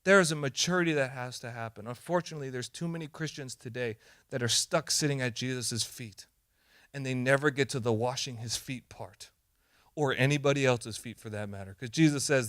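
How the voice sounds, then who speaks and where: A man pastor preaching a sermon, animated and emphatic, sometimes acting out quoted voices. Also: mid-range voice, fairly quick.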